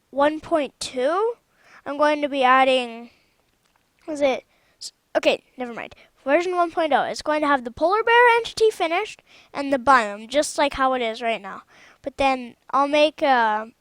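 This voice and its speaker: Woman, high voice, unhurried, dry close sound, casual gameplay commentary, rambling, self-correcting. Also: fairly bright tone, dry recording. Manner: rambling, chatty, stops and corrects herself often. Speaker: channel host showing her own game mod.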